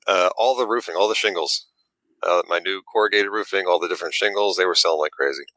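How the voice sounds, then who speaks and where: A man, a guest who makes models, telling an animated story in casual chat and acting out the quotes with little stammers. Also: low voice, quick pace, no room sound, low-quality recording.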